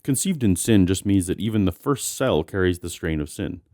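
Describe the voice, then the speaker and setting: Deep-voiced man explaining, fast and dry. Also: animated, mellow, no room sound. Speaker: commentator. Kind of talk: explanatory commentary.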